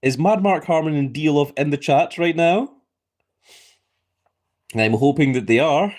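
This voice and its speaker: A man hosting a livestream reads chat aloud and announces a giveaway with playful wrestling-announcer flair. His voice is fairly high, animated, and a little mellow, and he doesn't rush.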